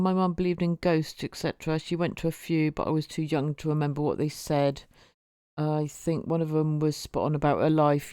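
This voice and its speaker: A woman's voice: deep voice, mellow, clean tone, no echo, clean studio sound. A woman streaming, chatting casually with viewers and often repeating her words as she goes. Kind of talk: casual live-stream chat.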